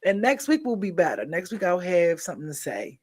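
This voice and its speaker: A woman's voice: on the low side, sing-song, fairly quick, a little mellow, slightly rough. A tired woman hosting a livestream, chatting casually and encouraging her viewers as she signs off. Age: adult with a daughter. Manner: chatty, encouraging, loose slangy talk. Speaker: livestream show host. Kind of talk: casual sign-off chat with viewers.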